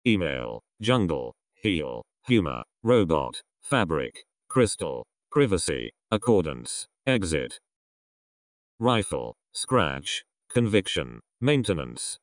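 A man reads out a vocabulary list in a deliberate, word-by-word delivery. His voice sits very low yet swings widely in pitch from word to word. The sound is dry and close, with no room around it. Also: sing-song, no room sound. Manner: deliberate, one word at a time with pauses. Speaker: vocabulary reader. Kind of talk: reading a word list aloud.

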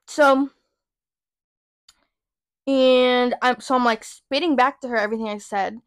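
A young woman in her twenties hosting a podcast, telling a work story in a sassy, profane, animated way. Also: on the high side, slow, dry recording, studio quality. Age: young adult. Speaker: podcast host. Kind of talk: casual storytelling rant.

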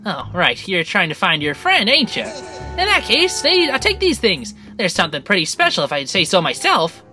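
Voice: mid-range voice, huge pitch swings, normal speed, over music. A gamer reading out a chatty mole creature. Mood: friendly. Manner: reads game dialogue aloud in a chatty, easygoing way. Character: friendly male mole-like digger creature. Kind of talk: reading in-game dialogue aloud.

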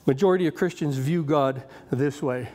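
A man's voice: on the high side, normal speed, darkish tone, long reverb tail. A man in his fifties preaching a sermon as a guest speaker, in a conversational, story-driven way with frequent restarts and repeated words. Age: 50s. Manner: conversational, anecdotal, with many restarts.

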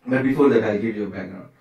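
A man's voice: fairly low pitch, fairly bright tone, muffled recording. A man giving a conversational scripture class at a temple, full of rhetorical questions and asides. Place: temple hall. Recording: very echoey room, from far off.

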